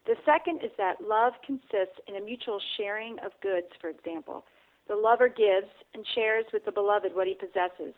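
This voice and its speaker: A woman reads spiritual reflections in a calm, measured way and speaks directly to the listener. Her pitch is middling. The audio is narrow and tinny, like a phone line. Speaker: reader. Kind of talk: devotional reading and reflection.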